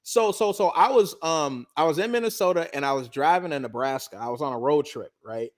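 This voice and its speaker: A man telling a story in casual chat, animated and profane, acting out the other people's lines. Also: a little high, a little fast.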